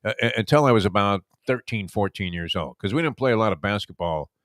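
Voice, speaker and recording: A Brooklyn, New York man hosts a casual sports radio talk show, spinning long, rambling stories as he reminisces. His voice sits on the low side, with lively intonation and a quick pace. The clean studio sound has no room noise.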